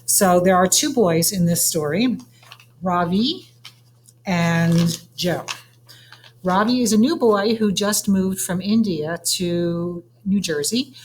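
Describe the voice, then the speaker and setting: A woman teacher reads a chapter book aloud to her class in a somewhat low voice. She keeps a plain, unhurried pace and trips now and then over names she doesn't know. Faint noise sits behind her. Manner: plain unhurried reading with small stumbles over unfamiliar names. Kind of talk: reading a novel aloud to a class.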